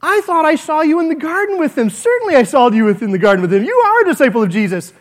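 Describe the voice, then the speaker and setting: A man preaching and voicing a young servant girl who keeps pressing with sharp, accusing questions. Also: extremely high pitch, big pitch swings, fast, voice pushed up.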